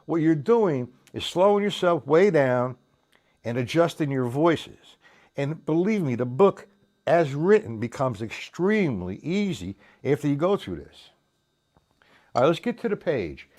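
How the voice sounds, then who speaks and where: A man's voice: on the high side, big pitch swings, unhurried, darkish tone. A man giving a casual drum lesson. He counts beats aloud and talks in loose, restarting sentences, dropping in "man" here and there. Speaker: drum teacher.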